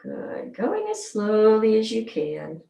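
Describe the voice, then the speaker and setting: A woman leading a gentle somatic movement class, calmly guiding each move and counting slowly aloud. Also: mid-range voice, gravelly. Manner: slow, soothing, counts aloud. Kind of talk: guided exercise class. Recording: roomy sound, mic at a distance.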